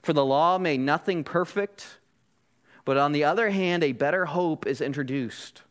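Brief: male pastor with a high voice, teaching through a sermon, asking rhetorical questions. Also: normal speed, a bit bright. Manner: explanatory, frequent rhetorical "Right?" checks.

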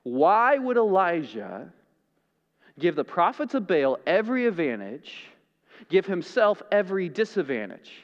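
A man preaching a sermon as pastor, dramatic, swinging from loud to hushed. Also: high-pitched, very animated, measured pace, big-room sound, highs cut off.

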